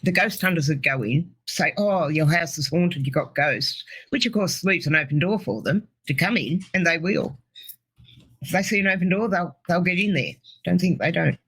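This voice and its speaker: A middle-aged woman telling her personal testimony in an earnest, halting way as an interview guest. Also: fairly low pitch, expressive, a bit bright, breathy edge, low-quality recording.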